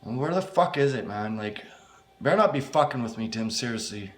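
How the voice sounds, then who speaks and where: A man's voice: mid-range voice, expressive, brisk, roomy sound, natural voice. A man voicing a bitter, worn-out young man who answers bluntly, exasperated and swearing at every turn. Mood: incredulous.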